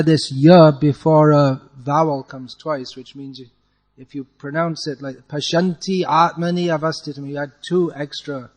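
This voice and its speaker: A man teaching a class to chant Sanskrit verse, correcting pronunciation patiently and chanting lines slowly as an example. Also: mid-range voice, darkish tone, long reverb tail.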